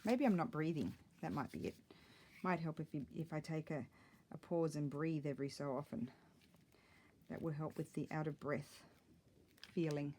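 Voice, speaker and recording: Woman, middle-aged, low-ish voice, rambling crafting chat into a tablet mic. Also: moderate pace, long pauses, warm tone, slight background noise. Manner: rambling, chatty, self-deprecating. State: a little out of breath. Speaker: crafting vlogger. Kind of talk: casual chat while crafting. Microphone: tablet camera mic.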